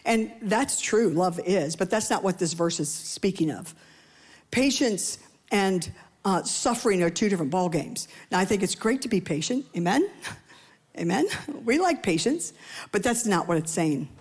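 At a moderate pace, a woman gives a playful, conversational sermon, her voice a little mellow with a breathy edge and lively intonation. She makes asides to the congregation and acts out quotes, her pitch climbing.

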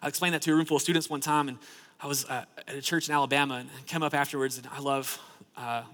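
A man's voice: mid-range voice, steady tone, fast talker, fairly bright tone. A man preaching a sermon in a church, in a conversational style that fills with "like" and repeats words. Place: church sanctuary. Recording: long hall reverb.

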